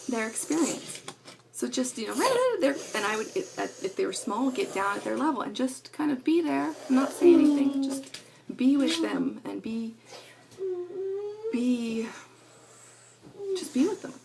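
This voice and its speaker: A middle-aged woman speaks to camera from her home in a loose, rambling way, circling back on her thoughts with plenty of fillers. Her voice sits slightly high, with a gravelly fry running through it. A faint hiss of noise sits underneath. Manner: rambling, earnest, many fillers. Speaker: parenting vlogger. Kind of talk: casual talk to camera.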